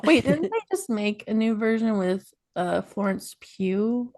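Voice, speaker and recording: A woman's voice: fairly high pitch, very animated, unhurried, a little mellow, dry recording. Giggly young woman podcast co-host. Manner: playful, giggly. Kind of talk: casual chat.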